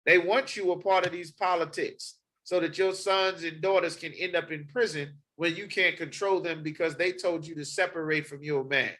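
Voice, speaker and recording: Male preacher, bright high voice, insistent and repetitive, reads verses between points. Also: rough recording. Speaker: street preacher. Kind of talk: sermon with scripture reading.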